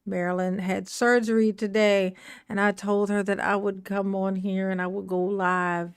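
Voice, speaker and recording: A woman's voice: mid-range voice, level tone, unhurried, clean tone, no room sound, clean studio sound. A woman hosting a casual livestream, greeting viewers by name in a playful, sing-song manner. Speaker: livestream host.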